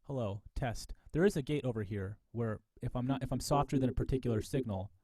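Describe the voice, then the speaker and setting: Dark-voiced man lecturing, dry close mic. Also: medium pitch, dry recording. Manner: thinking aloud, halting restarts, repeated mic tests. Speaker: music professor. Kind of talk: live lecture demonstration.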